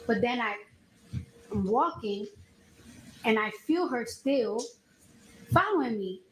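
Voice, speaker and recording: A fairly high-voiced woman gives courtroom testimony, retelling events with animated emphasis. The sound is roomy and echoey, with a faint hum of the room behind her. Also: slow pace. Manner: animated storytelling, voice rises when she recounts the argument. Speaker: witness testifying at trial.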